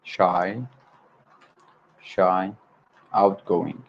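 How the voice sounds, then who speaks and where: Male learner, Arabic first language; slow, hesitant study-stream host with a gravelly, lowish voice, repeats words aloud; dull lo-fi audio. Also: level tone. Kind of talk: livestream study session.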